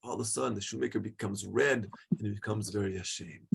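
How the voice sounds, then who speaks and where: Man, rabbi, religious class, storytelling, husky voice, animated. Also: lowish voice, fast. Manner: animated storyteller with many fillers and restarts.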